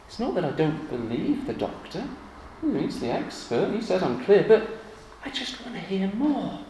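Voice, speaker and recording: A man in his forties gives a sermon, talking conversationally and then growing animated as he acts out little scenes. His voice sits a touch high for a man. The room is echoey, with a faint hum of ambient noise behind him. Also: moderate pace. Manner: conversational, animated when acting out examples. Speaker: preacher.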